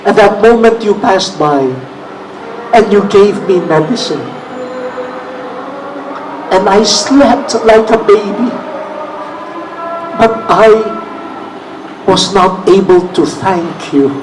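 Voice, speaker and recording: A man in his sixties with a Filipino accent, telling a story slowly and deliberately in a talk, with emphasis that rises at the tense moments. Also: high voice. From Philippines. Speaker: cardinal giving a talk. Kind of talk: storytelling address. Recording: distant mic with faint room noise.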